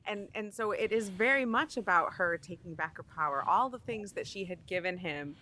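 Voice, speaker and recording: A woman's voice: medium pitch, lively intonation, normal speed, bright, forceful tone. A woman in casual chat, explaining a point in a reflective way.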